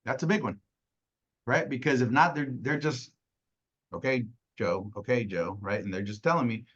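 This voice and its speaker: Man, sales trainer, casual coaching call, conversational, mid pitch, muffled call audio. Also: expressive, fairly quick, fairly bright tone, breathy edge. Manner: conversational, acts out client voices, many "right?" tags.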